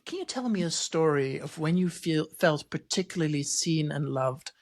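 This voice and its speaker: A man hosting a podcast interview in a casual conversational way, telling stories with lively acted-out quotes. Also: fairly high pitch, normal speed. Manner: lively storyteller, acts out quoted lines. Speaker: podcast host.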